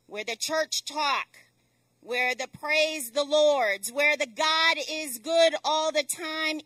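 A woman delivers a sermon in a high, bright voice, slow and deliberate with weighty pauses. The sound is dry, with the mic some distance from her. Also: no echo. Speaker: preacher.

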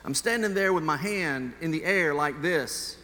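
A man preaching a sermon as pastor, telling a personal story in an earnest way and shifting between slow emphasis and quick asides. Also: on the high side, lively intonation, bright, forceful tone, in a large hall.

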